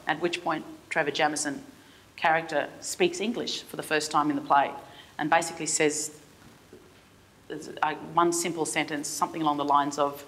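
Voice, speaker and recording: A middle-aged Australian woman delivers a keynote address from a forum stage, her voice sitting a little low. She speaks with passion but haltingly, circling back and restarting her sentences as she builds her point. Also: fairly bright tone, a little hiss or hum. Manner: impassioned, halting with many restarts.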